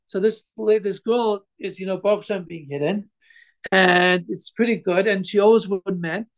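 A man with a high voice that is full of gravelly fry gives an informal religious class. He tells his story haltingly, stumbling over restarts and filling pauses with "um" and "like.". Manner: halting, many fillers and restarts. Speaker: Torah teacher telling a story.

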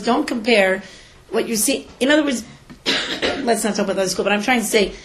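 A woman teacher speaking to an audience of parents, lively and storytelling, often acting out what people say. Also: on the high side. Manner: animated, tells stories and acts out quotes. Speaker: teacher and school educator giving a talk. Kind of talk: lecture to parents with stories.

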